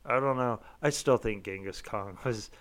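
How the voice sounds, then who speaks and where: A man's voice: on the low side, moderate pace. Profane, rambling man in casual chat. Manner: profane, rambling, says he is tipsy.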